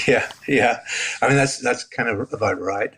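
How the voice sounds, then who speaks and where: A man, a podcast guest candidly telling his personal testimony with halting restarts and self-deprecating asides. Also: mid-range voice, a bit bright, husky. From Northern Ireland.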